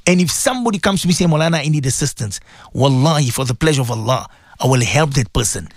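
A man presenting live on radio, giving religious advice in an emphatic, repetitive way that swings between loud exhortation and low earnest tones. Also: animated, fast talker, no echo, clean studio sound. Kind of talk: live radio preaching talk.

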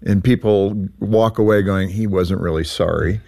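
A man hosting an interview show, chatty and quick to laugh as he frames questions for his guest. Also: deep voice, vocal fry, mellow. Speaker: radio show host.

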